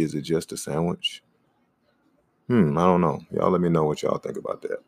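A man hosting a casual podcast, rambling in a laid-back way and giving shout-outs to listeners. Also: rumbling low, steady tone, normal speed, gravelly, no room sound, clean studio sound. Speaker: podcast host; comedian.

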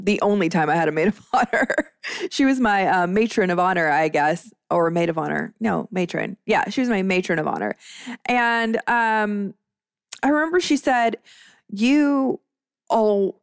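A woman's voice: medium pitch, dry recording, clean studio sound. A woman in her thirties hosting a podcast, telling a personal story in a candid, chatty way. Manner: candid and chatty, many fillers. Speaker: podcast host.

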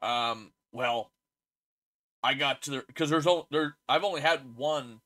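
A man's voice: medium pitch, measured pace, pushed and bright. A man with an Oklahoma accent, co-hosting a podcast in casual, teasing banter. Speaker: podcast co-host. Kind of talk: casual chat.

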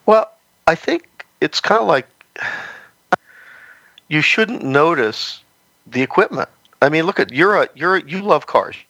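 A man's voice: on the high side, lively intonation, measured pace, long pauses, pushed and bright, no echo, poor audio. Rambling man, dry close sound. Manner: rambling, heavy on "you know" fillers. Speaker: podcast guest. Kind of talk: casual interview chat.

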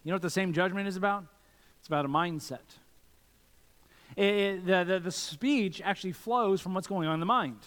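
Pastor, male, preaching earnestly with rhetorical questions, slightly high voice, long church-hall reverb. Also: fairly quick, a bit bright. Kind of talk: sermon.

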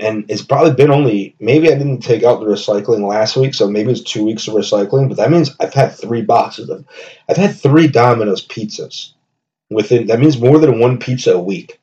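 A man's voice: mid-range voice, a little mellow, lo-fi sound. A man hosting a solo comedy podcast, rambling and joking with lots of profanity. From New Jersey. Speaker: podcast host. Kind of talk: casual comedy monologue.

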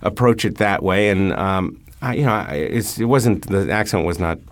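A middle-aged man, a stage actor speaking as a guest in a relaxed interview, thoughtful and full of pauses and fillers. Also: low-pitched. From New York.

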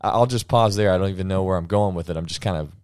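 A man with a lowish voice talks loosely in a casual podcast chat. He rambles, restarts his sentences and laughs often. The recording is close and dry, with no room sound. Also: racing, darkish tone, no echo. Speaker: podcast host.

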